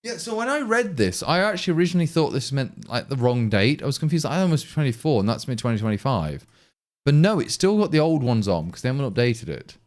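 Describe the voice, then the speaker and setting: A man's voice: mid-range voice, big pitch swings, quick pace. A man with an East Midlands English accent, from Leicestershire, chatting casually on a live coding stream, thinking aloud and answering viewers. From England, Leicestershire. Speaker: programmer livestreaming his coding.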